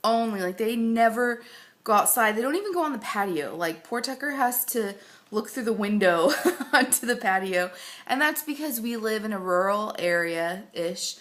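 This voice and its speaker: A woman's voice: medium pitch, lively intonation, moderate pace, a bit bright. A pregnant woman giving a rambling, casual update to camera, full of fillers and close to tears at times. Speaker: vlogger.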